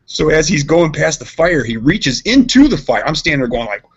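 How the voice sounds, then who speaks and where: A man co-hosting a podcast, telling a rambling story in casual chat, animated and laughing. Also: fairly high pitch, moderate pace, husky. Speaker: podcast co-host. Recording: dull lo-fi podcast audio.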